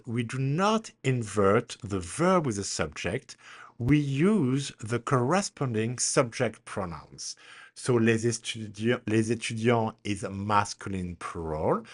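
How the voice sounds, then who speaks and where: In a recorded grammar lesson, a male language teacher talks slowly and deliberately at a measured pace. His pitch moves widely, jumping up sharply on the example questions he models for learners to repeat.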